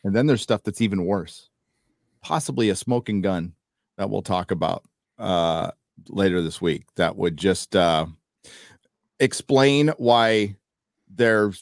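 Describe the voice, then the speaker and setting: A man's voice: lowish voice, slow pace, vocal fry, long pauses, no echo, clean studio sound. A man hosting a casual online panel show, rambling and swearing as he vents. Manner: rambling, profane, animated. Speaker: podcast host.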